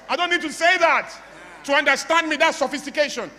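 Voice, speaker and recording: A man's voice: very high-pitched, a little fast, pauses often, sharp tone, in a large hall. A man with a Nigerian English accent giving a playful motivational talk to a live audience, mimicking broken English for laughs. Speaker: motivational speaker.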